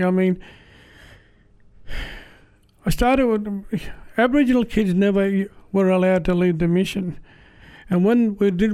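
An Australian man giving a personal church testimony in a plain-spoken, halting, earnest way. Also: sits high, creaky, a little mellow.

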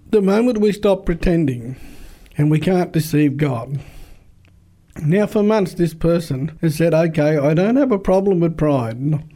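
A man's voice: a little high, mellow. A man who is a pastor, telling a story in an earnest, repetitive preaching style and quoting conversations.

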